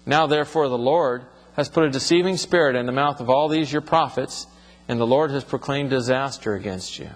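A man's voice: medium pitch, brisk, big-room sound. A man teaching from the Bible, reading passages aloud and then explaining them in plain, conversational words.

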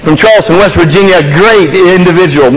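A man preaching a folksy, emphatic sermon that swings between loud and quiet. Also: sits high, brisk, in a large hall, rough recording.

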